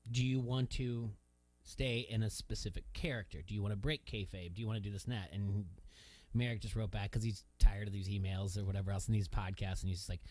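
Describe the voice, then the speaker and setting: A man's voice: fairly low pitch, steady tone, brisk, a little mellow, no room sound. Chatty male radio host, dry studio. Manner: rambling storyteller, laughs often. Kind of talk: casual chat.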